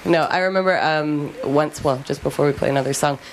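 A woman's voice: low voice, a little fast, a little hiss or hum, rough recording. A woman in a band, chatting casually on the radio in a rambling, giggly, self-deprecating way. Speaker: band member guest.

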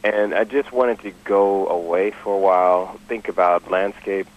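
A man's voice: sits low, fairly even intonation, measured pace, poor audio. A man, an artist and musician, talking loosely about his work in an interview, with "you know" and "man" in his speech. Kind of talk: relaxed interview talk.

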